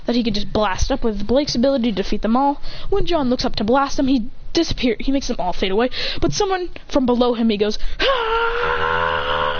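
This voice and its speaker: Rambling woman telling a fan story. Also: fairly high pitch. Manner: rambling and excited, many restarts. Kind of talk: improvised fan story narration. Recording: dull lo-fi recording with faint hiss.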